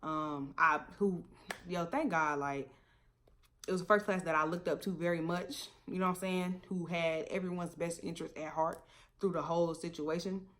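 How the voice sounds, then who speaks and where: Animated young woman telling a story. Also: fairly low pitch, normal speed. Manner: animated, laughs often, swears freely. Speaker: vlogger. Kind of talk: casual storytime.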